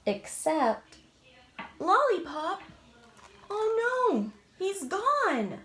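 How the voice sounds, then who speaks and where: Woman children's librarian, story-time read-aloud, slow, animated pitch. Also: echoey room. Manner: slow, expressive and questioning.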